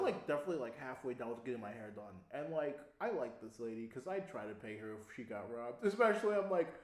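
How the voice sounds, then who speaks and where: A young man casually telling a long story on a podcast, animated, laughing often and swearing freely. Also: mid-range voice, fast talker, few pauses. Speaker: podcast co-host. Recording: echoey room.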